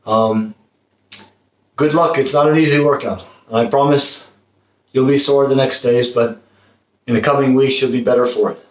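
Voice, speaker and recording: Breathless coach demonstrating drills, roomy and distant. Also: male voice, mid-range voice, steady tone, moderate pace, pauses often. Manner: encouraging, demonstrating exercises while talking. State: out of breath at times. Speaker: football fitness coach. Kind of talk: instructional workout demonstration. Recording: roomy, distant camera mic, faint noise.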